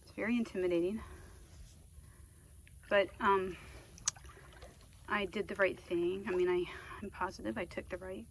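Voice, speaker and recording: A woman vlogging from a kayak on a lake outdoors, whispering in awe into a handheld camera and breaking into excited exclamations. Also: mid-range voice, moderate pace, pauses often, a little hiss or hum. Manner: hushed, awed whispering. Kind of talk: outdoor adventure vlog narration.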